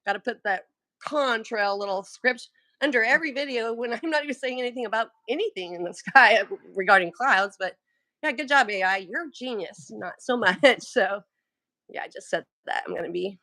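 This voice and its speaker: A woman's voice: medium pitch, expressive, fairly quick, pushed and bright, no echo. A woman chatting casually and telling a story, often laughing, and losing her voice. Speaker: livestream co-host. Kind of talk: casual chat.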